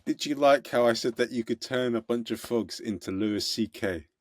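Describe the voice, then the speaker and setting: A man's voice: mid-range voice, moderate pace, no room sound. A man from the UK hosting a comedy podcast, jokey and bumbling through his introductions. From United Kingdom. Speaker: podcast host. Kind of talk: casual podcast interview.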